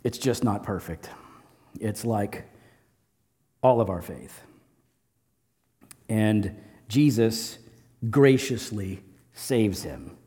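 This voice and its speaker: Male pastor, sermon delivery, animated and expressive, recorded in a reverberant hall. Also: drawn-out words, pauses often. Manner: animated, swings between loud emphatic bursts and soft low asides.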